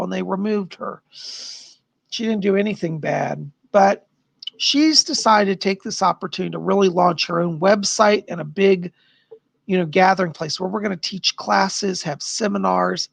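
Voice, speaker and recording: A tired middle-aged man with a raspy, worn voice, chatting upbeat with viewers as a psychic livestream host. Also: high-pitched, lively intonation, normal speed, dry recording. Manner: chatty, upbeat, answers chat questions. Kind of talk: casual live-stream chat.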